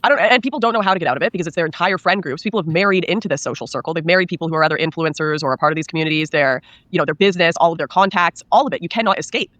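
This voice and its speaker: A woman's voice: lowish voice, a bit bright, dry recording. A woman being interviewed as an author, speaking candidly and earnestly, often acting out what others told her. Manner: rapid, earnest, acts out quoted people.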